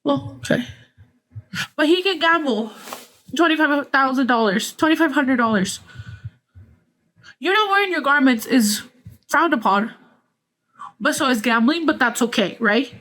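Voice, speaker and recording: A woman's voice: sits high, expressive, moderate pace, pauses often, fairly bright tone. A woman with a Mexican-American accent hosting a podcast, telling gossipy stories in casual chat, blunt, sarcastic and full of swearing. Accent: Mexican-American English with Spanish phrases. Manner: candid, profane, gossipy, sarcastic. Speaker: podcast host.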